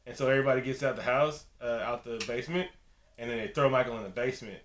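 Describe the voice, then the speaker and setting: A man on a casual podcast, recapping a horror movie in an animated way and acting out the characters' lines. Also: medium pitch, quick pace, reverberant, slight background noise. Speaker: podcast co-host. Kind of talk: casual movie review chat.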